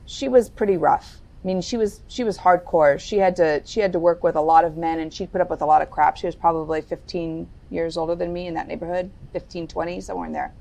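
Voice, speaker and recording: A middle-aged woman telling a personal story as a podcast guest, candid and deliberate. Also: steady tone, vocal fry, dark tone. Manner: candid, lowers her voice and speaks deliberately. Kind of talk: reflective interview storytelling.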